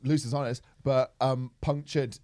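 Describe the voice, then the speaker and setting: A man's voice: medium pitch, flat delivery, a little slow, a loud crowd. A man, a podcast co-host chatting casually in a blunt, matter-of-fact way with some swearing. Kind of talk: casual chat.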